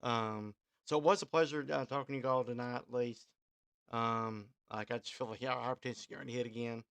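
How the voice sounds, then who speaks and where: Rambling DJ signing off. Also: male voice, mid-range voice, steady tone, a little fast, creaky, fairly bright tone, clean tone, dry recording. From Kentucky, USA. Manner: rambling, full of ums and restarts. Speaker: radio host and DJ. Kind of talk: casual live-stream sign-off.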